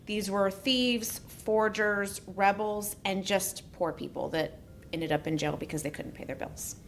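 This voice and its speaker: A woman's voice: mid-range voice, a little slow, slight background noise. A woman co-hosting a casual podcast, reading a prepared story with joking asides. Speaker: podcast co-host.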